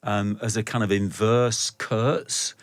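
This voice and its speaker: A man's voice: on the low side, fairly even intonation, takes it slowly, no echo. A middle-aged man guesting on a radio show, talking at length in a reflective, storytelling way. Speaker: film director guest. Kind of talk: radio interview.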